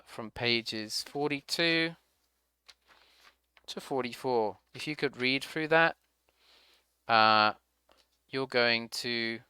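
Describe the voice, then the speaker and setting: A man's voice: mid-range voice, bright, forceful tone, clean tone, dry recording, studio quality. A man teaching an English class, walking students through the textbook page by page and often checking in with "okay?". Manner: slow, repeats "okay?" to check understanding. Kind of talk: online class instruction.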